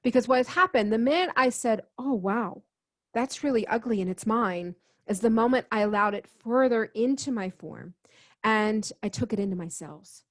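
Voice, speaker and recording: Her pitch fairly high and her pace moderate, a woman interviewed as a guest healer shares a personal story with sincerity. She performs the conversations as she tells it, quoting what she and others said.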